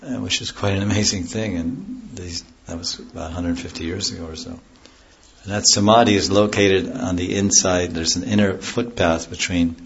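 Low-voiced man giving a rambling devotional talk. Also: normal speed, few pauses, dull audio, slight background noise. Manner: rambling, digresses into stories and loses the thread; explains chanted scripture terms in plain words. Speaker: spiritual teacher. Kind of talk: devotional lecture to a class.

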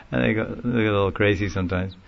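A man telling a long story in a casual, rambling way, often laughing and getting animated when he quotes people. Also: on the low side, vocal fry, lo-fi sound. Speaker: speaker recounting a story in a class. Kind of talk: informal storytelling talk.

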